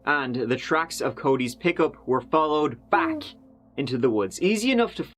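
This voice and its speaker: A man narrates a true crime case in a relaxed, conversational voice-over. He wanders into fillers and dry asides but keeps the story moving, sounding like someone talking rather than reading. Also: fairly high pitch, moderate pace, soft background music.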